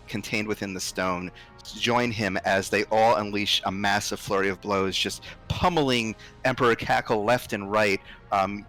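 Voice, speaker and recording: A man narrating as game master of a tabletop game, in relaxed speech with frequent ums and uhs. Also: lowish voice.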